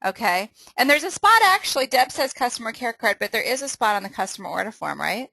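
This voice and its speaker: Woman, upbeat trainer, laughs a lot, bright forceful voice, dry close sound. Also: a little high, big pitch swings, quick pace, vocal fry, no room sound, low-quality recording. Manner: upbeat, laughs often, restarts sentences. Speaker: sales trainer hosting a team call. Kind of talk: casual training call with quiz.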